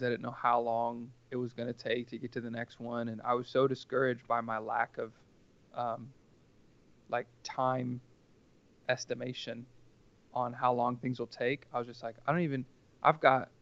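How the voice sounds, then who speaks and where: A man's voice: medium pitch, fairly bright tone, no room sound, dull audio. A man telling a personal story casually as a podcast guest, rambling and earnest, with lots of filler words.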